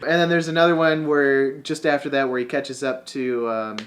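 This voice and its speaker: A man co-hosting a podcast, chatting casually about a movie, animated and quick to laugh, often trailing off mid-sentence. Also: mid-range voice. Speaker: podcast co-host.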